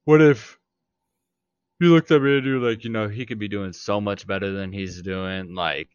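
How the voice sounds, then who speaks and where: Emphatic low-voiced man, dull dry mic. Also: steady tone, normal speed, smooth. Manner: emphatic, insistent, swears freely. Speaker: podcast co-host. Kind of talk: casual argumentative chat.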